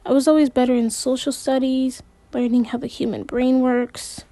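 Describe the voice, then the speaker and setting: A woman voicing a middle-aged father who is gently trying to steer a talk with his teenager, in a mild, conversational way, for a read-aloud storybook. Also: high voice, level tone, moderate pace, dry recording. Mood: gentle.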